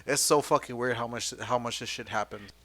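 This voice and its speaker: A man chats casually as a podcast co-host and answers his friend with easy, teasing remarks. His voice is bright and a little sharp. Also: mid-range voice, brisk. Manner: laid-back teasing reactions and quips. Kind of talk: casual chat.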